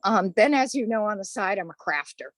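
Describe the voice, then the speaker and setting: A woman's voice: medium pitch, expressive, brisk, no room sound. An older woman with a Boston accent, a course instructor chatting through interview answers. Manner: chatty, conversational.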